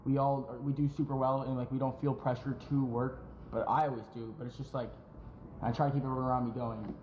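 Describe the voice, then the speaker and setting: A man's voice: medium pitch, flat delivery, quick pace, a little mellow. A man in a streamed clip, talking reflectively and rambling with many fillers. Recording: dull echoey room with clear background noise.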